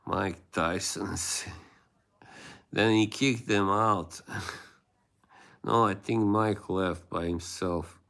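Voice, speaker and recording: Deep, slow-talking man chatting with viewers. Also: steady tone, creaky, fairly bright tone. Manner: rambling, laughs often, reacts to chat. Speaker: livestream host. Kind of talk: casual chat with viewers.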